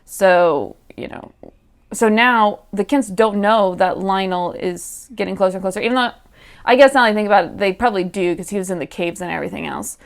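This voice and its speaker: A woman's voice: medium pitch, brisk, vocal fry. A woman hosting a reaction channel, recapping an episode in casual, chatty commentary with lots of fillers and quoted asides to the characters. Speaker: reaction video host.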